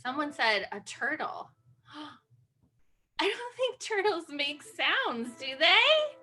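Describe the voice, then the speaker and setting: High, bright woman leading kids' sing-along. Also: sing-song, slow, soft background music. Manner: playful and encouraging, with gasps and animal noises. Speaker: children's sing-along host. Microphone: video call.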